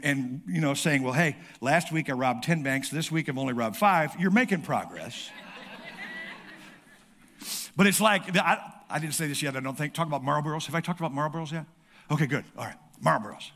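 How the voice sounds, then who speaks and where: A middle-aged male pastor preaching a lively sermon, calling out to the congregation and acting out quick asides. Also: medium pitch. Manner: lively preaching with audience call-outs and playful asides.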